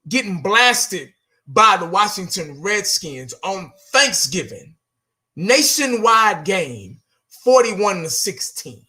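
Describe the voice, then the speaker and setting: A man's voice: high voice, sing-song, slow pace, sharp tone. A man giving a casual, blunt fan rant, exasperated, repeating himself and cursing now and then. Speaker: fan vlogger.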